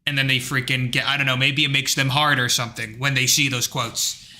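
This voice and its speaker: Sharp-voiced rambling man. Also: medium pitch, a little fast. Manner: rambling, filler-heavy, animated retelling; blunt, with occasional profanity. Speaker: livestream host. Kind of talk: casual livestream rant.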